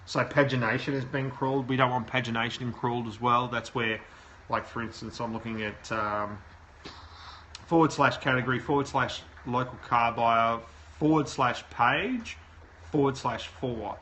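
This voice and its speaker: A man's voice: mid-range voice, steady tone, moderate pace, pushed and bright, a little hiss or hum, low-quality recording. A man hosting a live show, reviewing a website aloud and giving plain, direct advice. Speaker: SEO consultant host. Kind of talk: live website review, talking while browsing.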